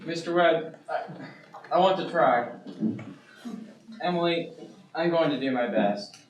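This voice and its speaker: A student actor playing an earnest, nervous young groom in a school stage play, heard from far off in an echoey auditorium. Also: male voice, a little high, animated, slow pace, lo-fi sound. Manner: earnest, restless.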